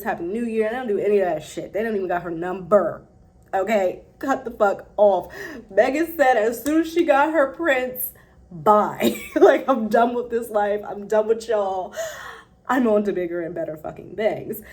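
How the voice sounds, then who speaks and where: A woman giving casual, blunt celebrity gossip commentary, animated and full of profanity. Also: on the high side. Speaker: commentary vlogger.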